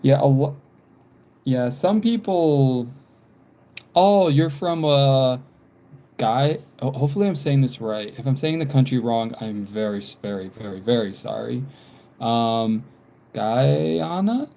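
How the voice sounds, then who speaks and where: A man's voice: medium pitch, a little slow, mellow. A man in his twenties from America, chatting casually and rambling while he doodles on a livestream. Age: 20s. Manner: rambling, repeats himself, frequent ums. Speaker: livestream drawing vlogger. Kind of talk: casual chat while drawing.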